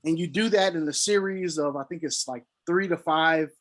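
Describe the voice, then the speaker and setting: A man's voice: fairly high pitch, moderate pace. A man on a casual consulting call, explaining sales technique and acting out sample calls with filler syllables.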